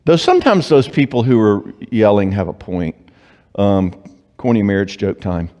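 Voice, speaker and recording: Man lecturing in a reverberant church hall. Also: on the low side. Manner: animated, joking, acts out clients and spouses in quick voices. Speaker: Christian psychologist speaking at a marriage conference. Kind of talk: conference talk.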